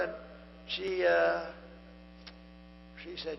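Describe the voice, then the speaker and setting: An older man with a strained, hoarse voice gives a rambling, repetitive rally speech into a podium microphone at a large venue. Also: a little high, flat delivery, normal speed, long pauses. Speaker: political candidate. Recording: echoey lo-fi venue sound with mains hum.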